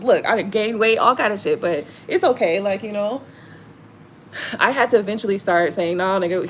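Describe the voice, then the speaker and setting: Brief: woman, live-stream host, high lively voice, faint room hiss. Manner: animated storytelling, swearing, frequent laughter. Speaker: tarot reader hosting a live stream. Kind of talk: casual chat with viewers.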